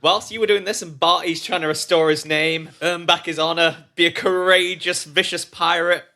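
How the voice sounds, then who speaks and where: Chatty male co-host, bright and slightly high voice. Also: steady tone, normal speed, vocal fry. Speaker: podcast co-host. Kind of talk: casual chat recounting a larp weekend.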